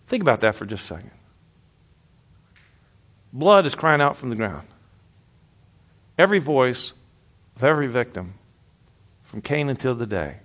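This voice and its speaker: A man preaching a sermon in an earnest way, rising to loud emphasis and then dropping to a hushed, quiet voice. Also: mid-range voice, big pitch swings, moderate pace, long pauses. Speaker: pastor.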